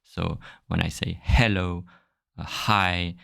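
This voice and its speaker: Deep, gravelly man with a French accent. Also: fairly even intonation, fairly bright tone, no room sound, studio quality. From France. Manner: halting, repeats words, models sounds aloud. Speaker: language teacher podcast host. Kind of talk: casual podcast lesson.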